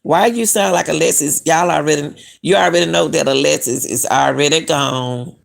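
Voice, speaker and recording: A woman's voice: low-pitched, normal speed, creaky. A middle-aged woman hosting a casual live-stream, talking to viewers as "y'all" and questioning what she reads. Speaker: commentary channel host.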